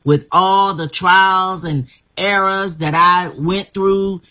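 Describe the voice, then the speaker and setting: A woman's voice: medium pitch, fairly even intonation, slow pace, bright, forceful tone. A woman guest speaking emphatically in an inspirational interview, repeating herself and laughing often.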